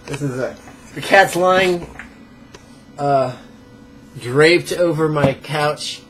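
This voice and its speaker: A man leading a pronunciation drill as a meditation teacher, playful and joking, sounding out syllables slowly and carefully. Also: a little high, fairly bright tone, slight background noise. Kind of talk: pronunciation drill in a live lesson.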